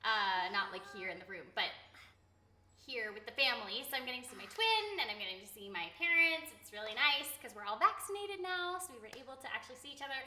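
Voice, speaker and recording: A woman's voice: fairly high pitch, expressive, fast, sharp tone, reverberant, slight background noise. A woman and voice actor chatting on a casual game stream, giggling often and reading viewer comments aloud. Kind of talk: casual live-stream chat.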